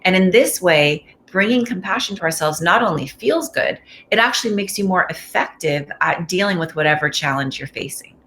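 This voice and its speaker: A woman answering as an expert guest in a calm, measured, explanatory way. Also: fairly low pitch, slight background noise. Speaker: mindfulness expert and author. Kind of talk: interview answers.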